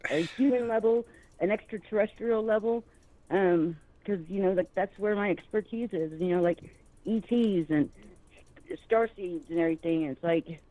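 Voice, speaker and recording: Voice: medium pitch, normal speed, no echo, phone-quality sound. A guest on a live show who rambles, using many fillers like um and you know. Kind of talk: casual chat.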